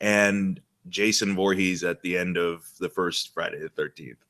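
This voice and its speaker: A man's voice: sits low, steady tone, a little slow, a bit bright. A man hosting a casual movie chat, laughing often and talking enthusiastically with lots of "like". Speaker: podcast host.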